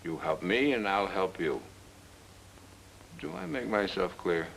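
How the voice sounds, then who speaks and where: An actor playing a weary married prosecutor who is drunk, talking in a wry, sarcastic 1940s film style. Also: male voice, deep voice, sing-song, a little slow, gravelly, a bit bright, slight background noise, heavily acted, rough recording. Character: weary married male prosecutor, sardonic flirt. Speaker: assistant district attorney.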